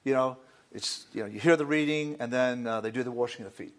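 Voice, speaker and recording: A man's voice: mid-range voice, fast talker. A man, a priest from Florida, giving a folksy, digressive academic lecture with asides and fillers.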